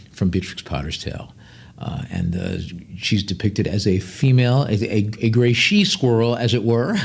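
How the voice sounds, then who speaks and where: Husky man auctioneer: rapid-fire bid calls, relaxed jokey chatter between lots. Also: on the low side. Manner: rapid bid calling mixed with chatty, joking asides. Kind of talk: live auction calling with item descriptions.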